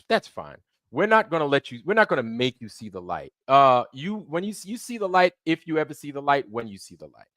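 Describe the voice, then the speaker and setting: Heated man, livestream host, swearing tirade, dry close mic, lively pitch. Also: dry recording. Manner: heated, profane, repetitive. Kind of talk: angry livestream rant.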